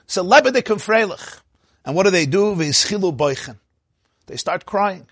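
A man giving a Torah lecture, telling a Talmudic story with animated storytelling and Hebrew and Yiddish phrases. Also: high voice, moderate pace, husky, dry recording, clean studio sound. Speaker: rabbi teaching.

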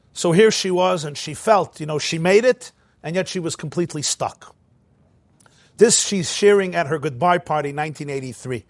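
A man with a somewhat high voice tells a story to listeners, giving it life with shifts in emphasis and short acted-out exchanges. The sound is close and dry, with almost no room around it. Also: no room sound. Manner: animated, acts out quoted dialogue with emphasis. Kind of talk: storytelling lecture.

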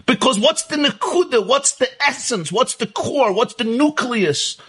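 Husky man giving an animated religious lecture. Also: very high voice, unhurried. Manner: emphatic, rhetorical questions, repeats key words. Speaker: Torah teacher. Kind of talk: Hasidic lecture.

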